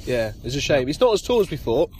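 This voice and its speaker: A man's voice: medium pitch, big pitch swings, fast, a little mellow, slight background noise. A man co-hosting a casual podcast from inside a small tent, making dry, jokey asides. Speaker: podcast co-host. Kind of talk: casual chat.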